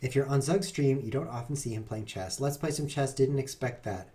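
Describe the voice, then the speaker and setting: A man's voice: mid-range voice, fairly quick, dark tone. A man streaming online chess, chatting to his viewers in a playful, self-mocking way as he plays. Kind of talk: live-stream commentary while playing.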